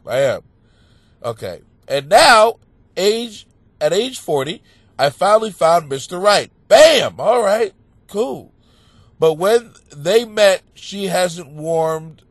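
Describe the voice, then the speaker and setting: A man hosting a comedy advice podcast, stuffed up and sniffling, rambling crudely and mocking himself with sudden loud outbursts, recorded in a home basement. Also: on the high side, no room sound. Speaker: podcast host giving advice.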